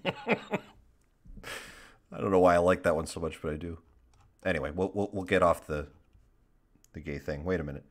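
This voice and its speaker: A man's voice: sits low, normal speed, pauses often. A man co-hosting a podcast in casual chat, joking, mocking himself and reading chat messages aloud. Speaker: podcast co-host.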